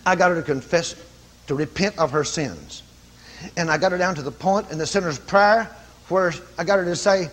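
Male preacher, high husky voice, lively storytelling sermon. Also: moderate pace. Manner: animated, rising to loud commanding calls.

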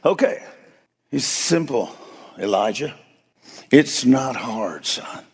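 A man preaching in a folksy storytelling way, laughing often and swinging between loud and hushed. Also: mid-range voice, lively intonation, takes it slowly, husky, long reverb tail. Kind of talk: storytelling sermon.

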